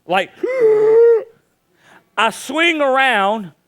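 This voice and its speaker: A man in his thirties preaching a sermon, telling funny stories with animated delivery. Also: high voice, moderate pace. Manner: storytelling, joking, animated. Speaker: pastor.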